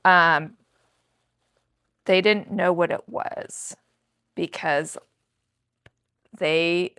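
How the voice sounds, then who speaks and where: Slow, smooth-voiced woman in her sixties. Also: lowish voice, fairly bright tone. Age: 60s. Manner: chatty, enthusiastic show-and-tell to viewers. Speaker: thrift reseller vlogger. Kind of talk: casual haul vlog.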